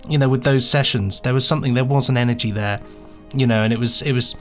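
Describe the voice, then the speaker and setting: A man's voice: medium pitch, fast. A man in casual podcast chat, his voice in the middle of the male range. He talks in a chatty, stop-start way and laughs easily, with faint music under him. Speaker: podcast co-host and sound engineer.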